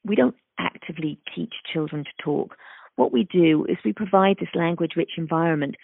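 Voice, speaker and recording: A woman's voice: lowish voice, fairly quick, vocal fry, breathy edge, no room sound. A woman working as a speech-language pathologist, explaining thoughtfully in an interview and acting out little examples in a sing-song voice. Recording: dry, phone-like remote call audio.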